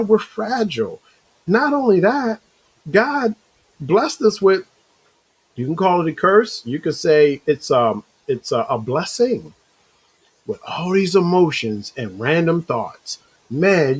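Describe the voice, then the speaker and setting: A man hosting a casual motivational talk show, rambling and animated, acting out inner voices, with a slight cough. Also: fairly high pitch, husky, rough recording. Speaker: show host.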